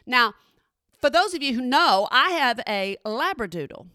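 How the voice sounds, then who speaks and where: A middle-aged woman telling a story in a chatty, animated way and often checking in with her listeners. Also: on the high side, measured pace, dry recording, studio quality. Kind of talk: casual spoken storytelling.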